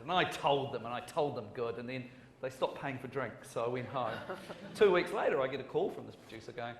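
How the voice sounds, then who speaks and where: A man's voice: medium pitch, expressive, fairly quick. A man with a New Zealand accent, a screenwriter on a conference panel, rambling with jokes and self-deprecating asides and often restarting his sentences. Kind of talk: panel discussion. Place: conference hall. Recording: echoey hall, faint noise.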